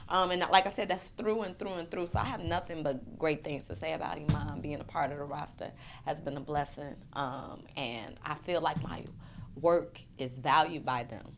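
This deep-voiced woman, a poet and performance artist in her thirties, talks at a moderate pace with a steady tone over a noisy background. The conversation is a candid interview, and she comes across as earnest and emotional, repeating words as she searches for the right ones.

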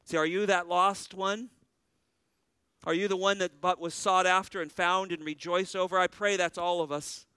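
A man's voice: sits high, fairly even intonation, normal speed, pushed and bright, clean tone, dry recording, studio quality. A man preaching a sermon as pastor, earnest, with a rising and falling preaching cadence.

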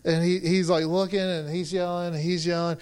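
A man's voice: high-pitched, level tone, fairly quick, darkish tone, clean tone. A man in his thirties giving a casual, conversational sermon full of personal stories, with restarts and light laughter.

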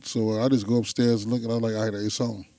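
Animated man telling a story. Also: fairly low pitch, fast, no echo. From Chicago. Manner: animated storyteller, acts out voices. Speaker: guest telling stories. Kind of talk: casual storytelling chat.

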